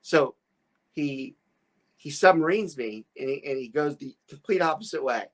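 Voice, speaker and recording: This podcast host, a real estate broker, has a higher-than-average, animated voice and talks at a normal speed. He rambles through his story, often restarting or stammering over words, and laughs a lot.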